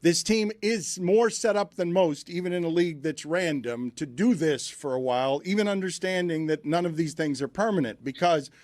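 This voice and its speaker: A man's voice: on the high side, normal speed, few pauses, darkish tone, no echo. A man hosting a sports talk show, asking his guest long rhetorical questions in a wordy way.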